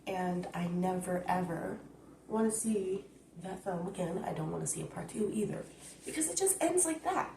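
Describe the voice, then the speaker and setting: A woman's voice: fairly low pitch, lively intonation, normal speed, creaky, a little mellow, roomy sound, a little hiss or hum. A woman vlogger giving a blunt, profane, rambling recap, recorded on her phone. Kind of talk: casual rant recap.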